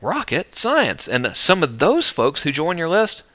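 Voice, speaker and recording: A man's voice: on the high side, very animated, moderate pace, sharp tone. A middle-aged man teaching list building in a casual, jokey, self-mocking video talk.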